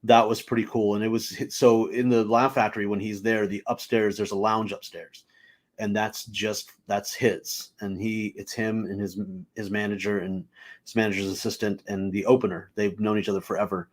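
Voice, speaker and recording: Low-voiced man telling animated stories. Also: normal speed. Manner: animated, filler-heavy, acts out quoted voices. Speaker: stand-up comedian guest. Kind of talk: casual anecdotal storytelling.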